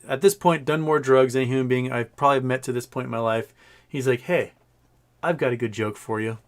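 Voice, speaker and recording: A man in his forties hosting a casual livestream, rambling and joking and laughing at his own jokes. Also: mid-range voice. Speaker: livestream host.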